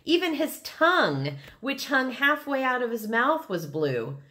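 Unhurried woman reading a children's book aloud. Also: high-pitched. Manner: expressive, unhurried. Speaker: reader.

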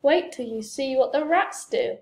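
A woman's voice: sits high, measured pace, a little mellow. A woman reading the lines of a cheeky, scheming young boy in a storybook, in an eager, pleading way. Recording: roomy echo.

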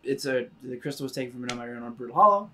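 A man's voice: medium pitch, lively intonation, pushed and bright. A man co-hosting a game playthrough, explaining what to do and where to look in a casual chatty way. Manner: quick, explanatory, feeds lines to his partner. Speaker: co-host guiding a game playthrough. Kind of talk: casual gaming chat with voiced character lines.

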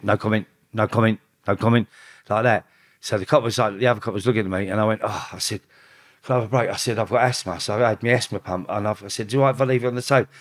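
Guest, male, low-pitched, casual and profane, voices others' lines. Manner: swearing, quotes others in rapid back-and-forth; animated, rising in pitch when quoting. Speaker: podcast guest. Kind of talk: casual storytelling.

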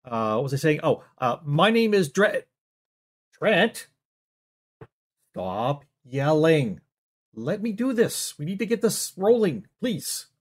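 A man hosting a comedy show, stammering and exasperated as he argues with a silent sidekick, now and then bursting into yelling. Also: high voice, very animated, a little slow, slightly rough. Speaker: show host. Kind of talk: comic monologue arguing with a silent sidekick.

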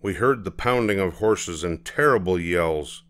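An older man reads a children's storybook aloud in a gentle, expressive manner. His voice is low and he takes his time, letting the pitch roll up and down with the story. The reading is slow and unhurried. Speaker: storybook reader.

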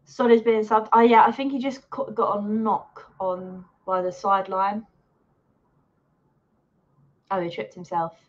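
A woman hosting a live watch-along of a match, excitable and swearing as she heckles the players and the referee. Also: medium pitch, a little slow, long pauses. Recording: dull lo-fi sound.

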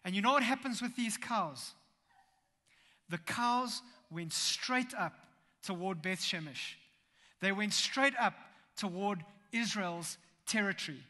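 A man preaching a sermon in a church, telling the story in a lively way with humorous asides. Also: sits high, takes it slowly. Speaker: pastor. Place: church sanctuary. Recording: long church hall reverb.

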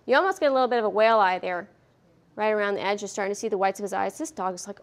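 A woman giving a veterinary behavior lecture at a conference, lively and questioning the audience, acting out what the dogs feel. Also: mid-range voice, very fast. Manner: lively, asks the audience questions, acts out dogs' thoughts. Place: conference hall.

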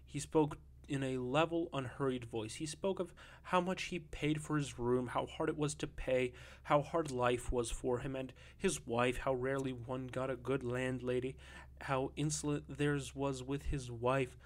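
A man narrating a literary short story in a measured, even way. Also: medium pitch. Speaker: audiobook narrator.

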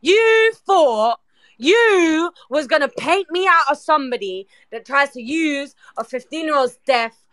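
Woman, shrieking high and piercing, furious shouted rants on an online call. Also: expressive, a little slow, no room sound. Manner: furious ranting, shouting and repeating. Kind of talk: heated online argument.

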